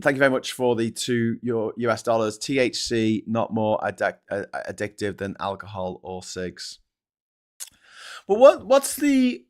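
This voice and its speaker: A man hosting a live stream, reading out viewer comments and ranting in an animated way with plenty of swearing. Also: on the low side. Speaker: host.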